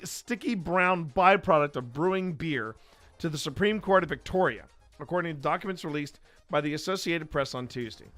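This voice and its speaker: A man putting on an Australian accent to read out a news story in a loud, drawn-out, theatrical way. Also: a little high. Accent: put-on Australian. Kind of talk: comic news reading.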